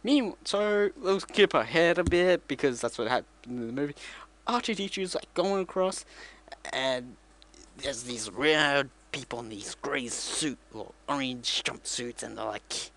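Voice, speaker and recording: A man's voice: mid-range voice, expressive, a little slow, a bit bright. Casual male vlogger, rambling comic retelling, self-correcting.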